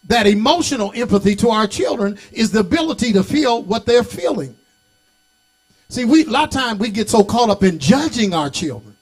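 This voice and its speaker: Middle-aged male preacher, very high-pitched, folksy, builds to shouted sing-song delivery. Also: very animated, normal speed. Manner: folksy, talks back to the congregation. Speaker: bishop and pastor. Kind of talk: sermon.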